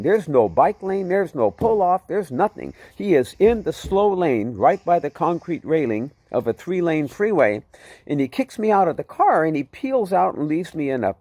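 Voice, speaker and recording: A man telling his personal testimony in a vivid, animated way, often repeating himself. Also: on the high side, no room sound. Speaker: testimony speaker.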